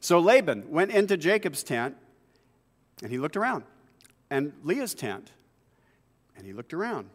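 A male pastor with a somewhat high voice preaching in a church. He tells stories in a chatty way and keeps breaking off for asides. His words carry a long reverb from the big sanctuary. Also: very animated, measured pace, pauses often. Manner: conversational storytelling with asides and laughs. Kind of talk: sermon.

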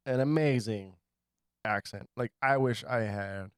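A man's voice: medium pitch, unhurried, clear, resonant tone, dry recording, studio quality. A man co-hosting a casual podcast over beers, joking, laughing easily, and tossing in apologetic asides. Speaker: podcast co-host.

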